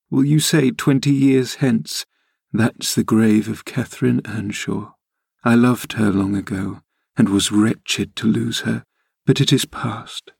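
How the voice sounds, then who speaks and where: A man's voice: medium pitch, vocal fry, a little mellow, breathy edge, no room sound, clean studio sound, exaggerated voice. A man voicing a dying young woman, bitter and yearning, pleading with feverish passion.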